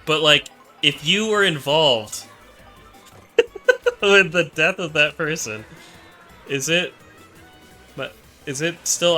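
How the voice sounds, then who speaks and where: A man's voice: a little high, big pitch swings, takes it slowly, pauses often, bright, forceful tone, soft background music. A man in casual comedic chat, rambling through absurd hypotheticals and laughing often.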